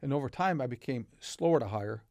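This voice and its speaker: Older guy, gravelly voice, acts out the dialogue in his stories, dry studio sound. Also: mid-range voice, expressive, fairly quick, a little mellow, no room sound. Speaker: podcast guest, company founder. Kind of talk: casual storytelling. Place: podcast studio.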